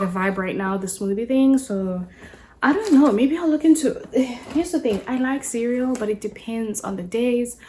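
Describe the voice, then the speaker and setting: A woman's voice: a little high, darkish tone. A woman, a mother, chatting casually at home as she shows a grocery haul, rambling with many fillers and restarts. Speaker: mother and lifestyle vlogger.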